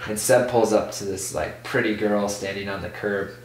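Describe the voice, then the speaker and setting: A man who is a podcast guest telling a casual story in an animated way, full of "like". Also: lowish voice, moderate pace, far from the mic, slight background noise. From Michigan. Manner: animated, full of "like", acts out voices in quotes. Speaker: podcast guest, BMX rider. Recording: echoey room, off-mic.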